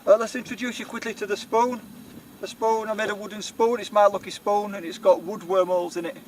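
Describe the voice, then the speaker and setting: A rambling, chatty middle-aged man with a broad Yorkshire accent talks straight to the camera while out walking the hills. His voice sits high for a man, and a faint hiss of wind and open air runs behind him. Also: steady tone, fairly quick. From Yorkshire, England. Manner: rambling, chatty, self-deprecating. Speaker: outdoor vlogger. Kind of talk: casual outdoor camping vlog. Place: outdoors on a windy hilltop.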